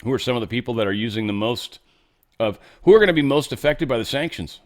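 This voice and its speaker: A man's voice: mid-range voice, animated, fast talker. A man hosting a casual news commentary show, reading headlines with sarcastic, offhand asides. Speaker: host.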